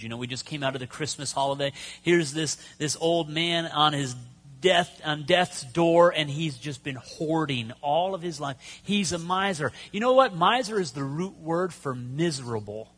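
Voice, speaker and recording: High-voiced male pastor preaching. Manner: storytelling with pauses and sudden loud emphasis. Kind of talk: sermon.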